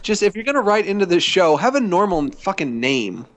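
A young man co-hosting a casual podcast, reading listener emails in a blunt, halting way with casual swearing. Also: high voice, sing-song, no echo. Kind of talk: casual chat.

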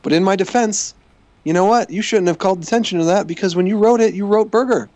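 A man's voice: sits high, quick pace, darkish tone, no room sound. A man hosting a casual livestream podcast, reading out listener emails with wry sarcasm. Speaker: podcast host.

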